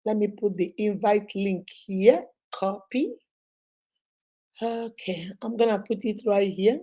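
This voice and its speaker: A Nigerian woman in her thirties hosting a casual live stream, chatting and greeting viewers by name, her voice going a little hoarse from a cold. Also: medium pitch, takes it slowly, dark tone.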